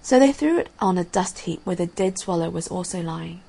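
A woman reading a fairy tale aloud in a gentle, measured way, giving the characters' lines softly. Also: fairly low pitch, animated, gravelly, rough recording. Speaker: storyteller. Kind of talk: storybook reading.

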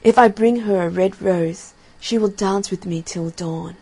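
A woman's voice: mid-range voice, measured pace, mellow, husky. A woman doing a lovesick young student. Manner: plaintive and dreamy. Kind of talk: storybook reading.

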